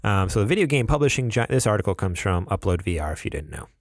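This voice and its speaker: Laid-back low-voiced man, podcast co-host. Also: very animated, quick pace, no echo, studio quality. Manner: laid-back, laughs often, reads news with many ums. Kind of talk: casual podcast chat.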